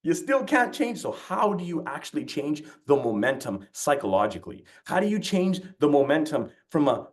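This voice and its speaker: A man giving a motivational talk, telling stories bluntly and swearing freely. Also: medium pitch. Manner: blunt and profane, with storytelling energy. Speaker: motivational speaker.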